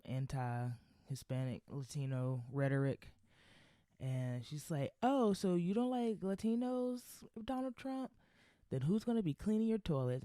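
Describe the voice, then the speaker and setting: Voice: mid-range voice, dark tone, dry recording, clean studio sound. A podcast host ranting in a blunt, sarcastic, profane way, rambling with lots of fillers and restarts. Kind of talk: casual solo podcast rant.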